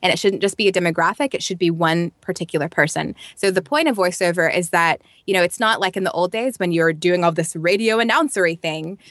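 A woman's voice: lowish voice, fairly quick, few pauses, no echo, studio quality. A woman with a Midwestern accent, a voice-over artist and teacher, explaining her work in a casual interview. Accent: Midwestern American. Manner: relaxed, explanatory, chatty.

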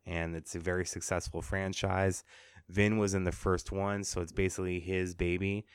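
A podcast host with a deep, clear, resonant voice chats casually about entertainment news and pop culture, tossing in sarcastic asides. The recording is dry with clean studio sound.

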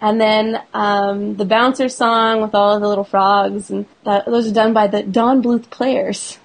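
A woman's voice: mid-range voice, steady tone, measured pace, creaky, poor audio. A woman co-hosting a podcast, talking enthusiastically and chattily about a film's music, explaining points in a list. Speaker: podcast co-host. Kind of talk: casual podcast chat.

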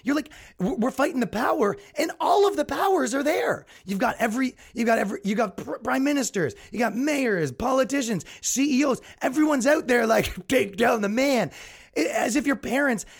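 Young man, podcast host; exasperated comedic ranter, high-pitched and very animated. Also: fairly quick, gravelly, hardly any pauses, breathy edge. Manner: exasperated, ranting, mocks others in put-on voices. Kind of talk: solo comedic rant.

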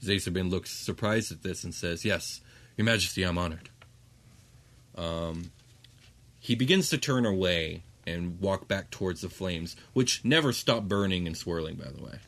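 A man with a low voice narrates a tabletop game as game master. His delivery is relaxed and unhurried, broken by frequent pauses as he sets the scene. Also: gravelly.

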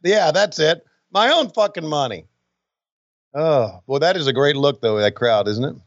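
An older man co-hosting a podcast, joking gruffly and swearing freely as he comments on old wrestling footage. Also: fairly high pitch, lively intonation, moderate pace, dry recording, highs cut off. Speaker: podcast co-host.

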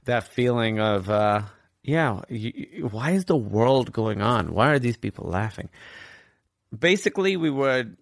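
A man's voice: mid-range voice, big pitch swings, a little slow, gravelly, no echo, clean studio sound. A man candidly telling a personal story as a guest in a conversation, rambling and swearing casually.

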